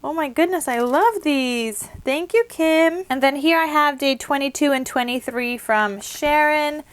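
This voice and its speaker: A young woman vlogger with a high voice speaks a little slowly, unboxing craft gifts at her desk at home. She's chatty and gushing, uses many fillers, and sounds a little out of breath.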